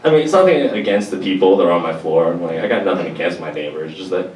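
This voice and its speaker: Young male stand-up, low-voiced, deadpan and slangy, picked up from afar with room echo. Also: fast talker, a little hiss or hum. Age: young adult. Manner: deadpan, slangy and profane, mocks others in put-on voices. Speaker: stand-up comedian. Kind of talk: stand-up comedy set. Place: college venue with audience laughter. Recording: echoey room, distant mic, loud ambience.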